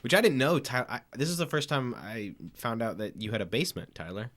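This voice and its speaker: A man's voice: medium pitch, fairly quick, a bit bright. A man co-hosting a podcast in a home basement studio, telling rambling stories that he keeps interrupting himself on. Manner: rambling, self-interrupting storyteller. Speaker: podcast co-host. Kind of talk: casual chat.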